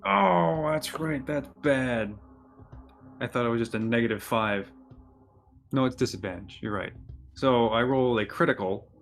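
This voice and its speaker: A man narrating as game master of a tabletop game, halting and restarting often. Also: medium pitch, creaky.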